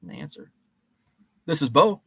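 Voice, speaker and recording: A man's voice: a little high, expressive, measured pace, gravelly, breathy edge, dry recording. A man in his forties hosting a casual live-stream chat, rambling and joking with many fillers and restarts.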